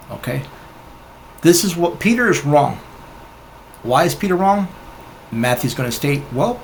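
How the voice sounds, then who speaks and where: A man's voice: mid-range voice, gravelly, a little hiss or hum. A man giving rebuttal commentary on a Bible teaching video, argumentative and scoffing, often talking straight at the other teacher.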